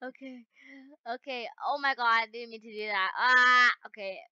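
A young woman giving casual, excitable gameplay commentary, often laughing and shouting at the game. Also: fairly high pitch, a little slow, clean tone, dry recording, muffled recording. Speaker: gaming YouTuber.

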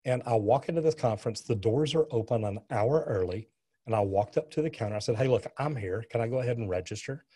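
A man's voice: mid-range voice, fast, dark tone, husky. A middle-aged man, a plumber and interview guest, telling a story earnestly with frequent restarts. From US West Coast.

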